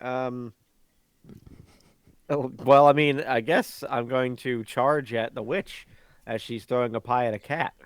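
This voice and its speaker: A man's voice: medium pitch, steady tone, unhurried, long pauses, no echo. A man playing a tabletop game, giggly and hesitant, with many fillers. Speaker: player. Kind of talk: casual tabletop play.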